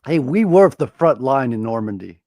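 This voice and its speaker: Man doing deadpan banter, mid voice, dry mic. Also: mid-range voice, moderate pace, no echo. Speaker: podcast co-host. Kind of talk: casual comedic chat.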